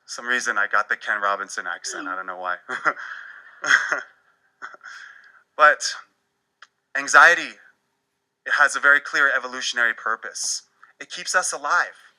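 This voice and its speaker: A man giving a presentation talk in an animated, wry storytelling manner. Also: mid-range voice, poor audio. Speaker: speaker.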